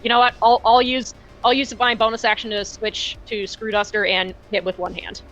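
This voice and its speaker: A woman playing a tabletop game, talking in a hesitant, halting way and often restarting her sentences. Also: fairly high pitch, little pitch movement, a bit bright, muffled recording, faint music behind. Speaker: player.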